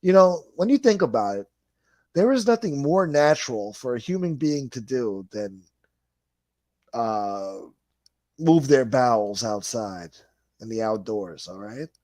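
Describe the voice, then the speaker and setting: A man's voice: mid-range voice, expressive, unhurried, a little mellow, no echo. Laid-back man chatting on a stream. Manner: laid-back, rambling, swears freely. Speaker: livestream host. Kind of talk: casual chat, reading viewer comments aloud.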